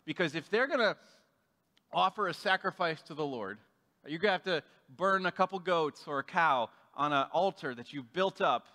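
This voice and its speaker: A man's voice: fairly high pitch, lively intonation, normal speed, sharp tone, in a large hall. A man preaching a sermon in a casual, conversational way, acting out the voices of the people in the story. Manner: conversational, acts out quoted voices. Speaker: pastor.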